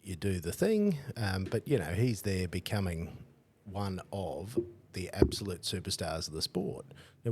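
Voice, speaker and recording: A man's voice: low-pitched, big pitch swings, normal speed, a little mellow, a little hiss or hum. A male podcast host with an Australian accent, interviewing a guest in a matey, slangy way. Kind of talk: casual interview. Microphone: home setup, wired connection.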